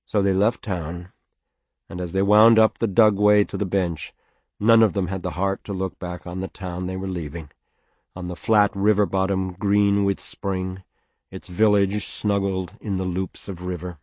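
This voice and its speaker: Low-voiced guy reading a book aloud, steady pace, dry sound. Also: unhurried, no room sound. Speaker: narrator. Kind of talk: scripted audiobook narration.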